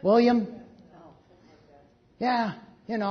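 Slow, dull-sounding preacher. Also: medium pitch, animated. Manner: slow storytelling that breaks into quick, joking asides. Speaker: pastor. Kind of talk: sermon with a story read aloud. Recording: dull lo-fi recording.

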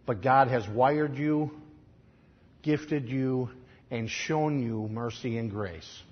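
A man with a Chicago accent preaching a sermon, telling stories in a conversational way and swinging from quiet asides to loud, emphatic lines. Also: medium pitch, slow, muffled recording. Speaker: pastor.

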